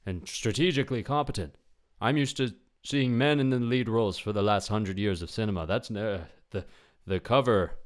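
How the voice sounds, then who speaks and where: Young man, podcast host, rambling casual monologue, lowish voice. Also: normal speed. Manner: rambling, animated, acts out voices of people he imagines.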